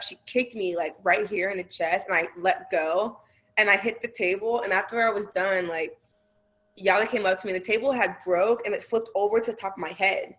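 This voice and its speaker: A young adult woman, a guest wrestler, telling animated stories in a casual podcast chat with many fillers. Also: mid-range voice. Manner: animated storytelling, lots of fillers.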